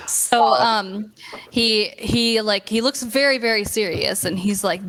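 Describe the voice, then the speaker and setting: A woman's voice: medium pitch, measured pace, a bit bright, poor audio. Chatty woman running a tabletop game, lots of likes and ums. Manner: chatty, laughing, many fillers. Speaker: game master.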